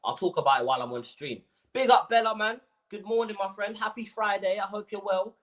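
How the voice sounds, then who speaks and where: A man's voice: high voice, a little fast. A young man hosting a football fan livestream, ranting casually with lots of slang and repetition. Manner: animated ranting, slangy, repeats himself.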